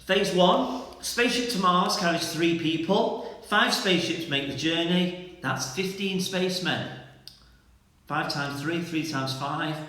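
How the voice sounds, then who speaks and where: A man, a primary school teacher, leading an online school assembly for children in an animated, playful way. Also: medium pitch, heavy reverb, slight background noise.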